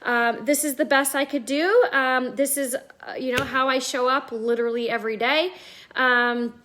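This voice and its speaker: A woman's voice: high voice, steady tone, normal speed, a bit bright, slight background noise. A woman from Nova Scotia with an East Coast Canadian accent, hosting a casual live video chat in a bubbly, rambling way with lots of fillers. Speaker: network marketing host on a live video call. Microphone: video call.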